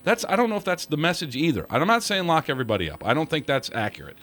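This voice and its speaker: Brief: male talk radio host, animated, frustrated, swinging pitch. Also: racing. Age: young adult. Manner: animated, frustrated ranting with quoted asides.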